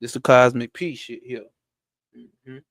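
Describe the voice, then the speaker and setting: A man teaching spirituality. He reads a text aloud slowly and breaks off into blunt, slangy asides with profanity for a live chat. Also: medium pitch, steady tone, no room sound, clean studio sound. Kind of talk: reading a text aloud and commenting on it.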